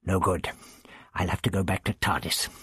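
A male narrator voicing a sharp-tongued elderly doctor who gives curt orders. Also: deep voice, fairly even intonation, normal speed, husky, dry recording, pitched below the performer's own voice, full character voice. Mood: commanding. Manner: curt and snappish.

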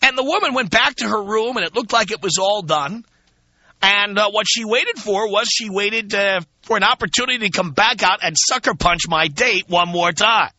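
A man's voice: sits high, normal speed, pushed and bright, a little hiss or hum. A male talk radio host telling a frank, emphatic story to his listeners, casual and blunt, with many fillers. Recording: dull lo-fi radio broadcast.

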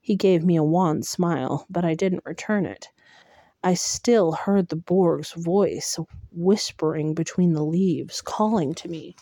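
A woman reading a fantasy novel aloud in a measured audiobook narration. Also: lowish voice, no echo, clean studio sound. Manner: slow, measured, hushed at tense moments.

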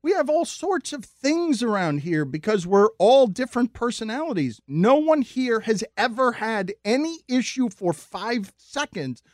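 A man with a high voice hosts a casual podcast chat, his speech getting worked up and animated. The sound is dry and close. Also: a little slow, hardly any pauses, no echo. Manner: animated, rising into exasperated retellings. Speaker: podcast host.

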